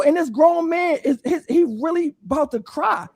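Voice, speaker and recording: Fast-talking animated male storyteller. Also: very high voice, gravelly. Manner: animated, profane, fast storytelling that acts out quoted voices. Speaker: panelist storyteller. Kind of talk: casual storytelling on a live panel stream.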